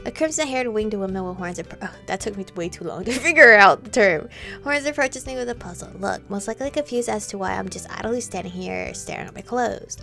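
A woman's voice: a little high, expressive, normal speed, a bit bright, faint music behind. A woman streamer playing a visual novel, chatting playfully, reacting aloud and reading the game's text. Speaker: gameplay streamer. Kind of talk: casual let's-play commentary, reading game text aloud.

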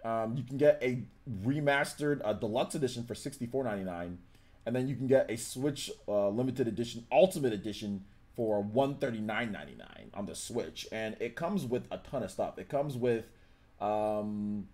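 A man's voice: mid-range voice, lively intonation, normal speed, darkish tone. Chatty young man hosting a game stream. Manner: chatty, reads viewer chat and news aloud, many fillers. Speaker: gaming livestream host. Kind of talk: casual livestream chat.

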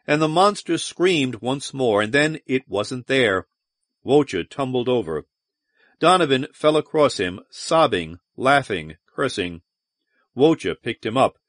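A man narrating a science fiction audiobook in a measured, dramatic manner. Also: medium pitch, expressive, dry recording, studio quality. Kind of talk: scripted narration.

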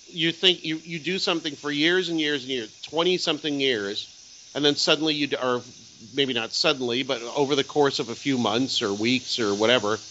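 A man's voice: medium pitch, pushed and bright, a little hiss or hum. Reflective man rambling in casual chat. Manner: reflective, rambling, self-questioning. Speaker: podcast guest, author and radio host. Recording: dull lo-fi audio.

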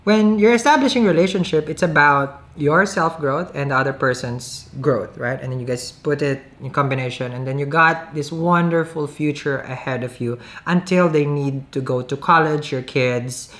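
A woman's voice: low voice, normal speed, few pauses. A woman giving a casual tarot reading to camera, chatty, often checking in with "okay?" and laughing. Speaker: tarot reader.

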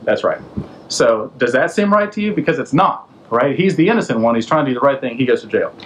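A man's voice: mid-range voice, lively intonation, quick pace, a bit bright, slight background noise, rough recording. A man hosting a podcast, retelling an old story in a casual, slangy way and throwing in rhetorical questions. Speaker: podcast host.

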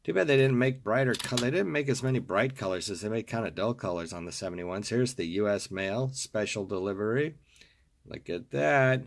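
A hoarse man with a rough, gravelly morning voice talks at his desk, gushing over each item and repeating words with delight. His voice sits fairly low, with a faint hiss behind it. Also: brisk. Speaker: toy car collector and seller. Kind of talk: casual video showing off collectibles. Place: home desk.

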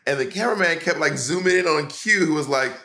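A man's voice: a little high, lively intonation, fast, bright, forceful tone. A man co-hosting a casual podcast recap over a video call, playful and sassy in a teasing way. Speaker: podcast co-host. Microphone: remote video call mic.

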